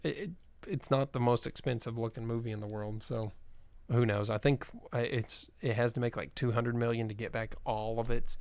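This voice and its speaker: Man, podcast co-host, gravelly, matter-of-fact, mid pitch, dry. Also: fairly even intonation, moderate pace, a little mellow, dry recording. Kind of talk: casual movie podcast chat.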